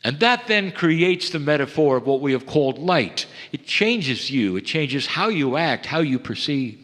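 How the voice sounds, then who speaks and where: A man delivering a channeled spiritual message to a live audience, slow and solemn, swelling up and then sinking to a soft hush. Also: fairly high pitch, very animated. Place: event hall. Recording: long hall reverb.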